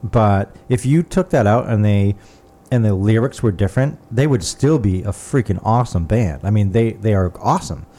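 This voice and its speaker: A man's voice: fairly low pitch, expressive, moderate pace, mellow. A man co-hosting a podcast who rambles with enthusiasm about bands, full of "uh" and "like". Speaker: podcast co-host. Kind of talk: casual chat about music.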